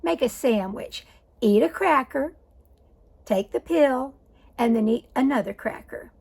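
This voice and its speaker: A woman voicing a sweet, reassuring female nurse, speaking slowly and soothingly in a motherly way. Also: high voice, expressive, creaky, a little mellow, breathy edge, heavily acted.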